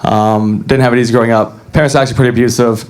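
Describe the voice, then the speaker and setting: A young man doing a deadpan, self-deprecating stand-up comedy set on a club stage. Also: medium pitch, very fast.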